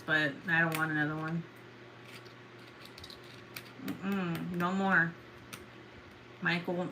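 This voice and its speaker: A woman's voice: on the low side, background noise. A woman in her thirties chatting casually with viewers, swearing, rambling and laughing often. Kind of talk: casual chat.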